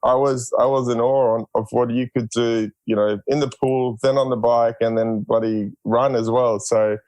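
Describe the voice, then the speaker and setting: An Australian man in his forties, a guest in a casual interview, speaking in a relaxed and halting way with many fillers. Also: mid-range voice, no echo.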